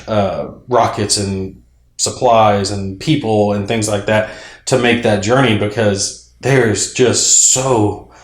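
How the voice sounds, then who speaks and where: A man casually explaining his moves in a tabletop space game, rambling with fillers and clearing his throat now and then. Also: lowish voice, echoey room. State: clearing throat, a little choked up. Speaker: board game player and channel host.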